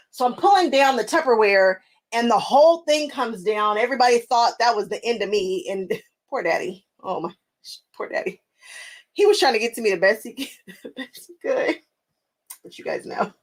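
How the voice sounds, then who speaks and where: In a rough recording, a young woman's mid-range voice carries casual talk as she crafts on her quilting channel. She frequently laughs and replies to viewers by name.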